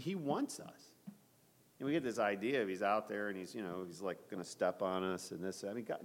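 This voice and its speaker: Bible study leader, male, conversational, asks the room questions, echoey hall. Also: medium pitch.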